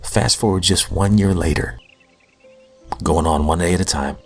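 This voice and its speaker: A man's voice: low voice, normal speed, faint music behind. A man hosting a recovery podcast, telling his own story in an earnest, heartfelt, self-deprecating way. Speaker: podcast host. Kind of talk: personal recovery testimony.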